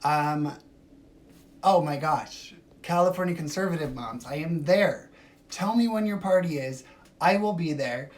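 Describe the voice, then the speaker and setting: A woman's voice: deep voice, unhurried, darkish tone, slight background noise. A woman hosting a casual phone livestream, chatting and answering viewer comments. She talks emphatically and swings between gushing and dismissive. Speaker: livestream host.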